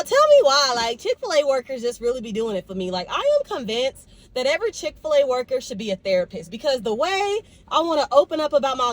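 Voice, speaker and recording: A woman's voice: on the high side, no room sound, rough recording. A woman in her twenties talking casually and expressively to her viewers in a vlog, recorded on a phone while out running errands. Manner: chatty, expressive, talks straight to viewers. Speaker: vlogger.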